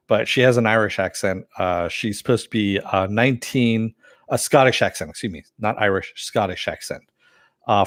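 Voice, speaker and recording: A man giving a casual spoken review of an animated series, rambling with many fillers and self-corrections, and answering chat as he goes. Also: on the low side, no echo, studio quality. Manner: reads and answers live chat.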